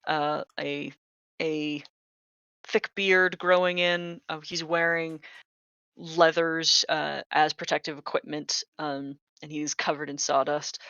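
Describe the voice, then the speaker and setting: A man narrating a tabletop game as game master, halting with many fillers. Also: on the high side, flat delivery, pushed and bright, clean tone, no echo. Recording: dull lo-fi mic.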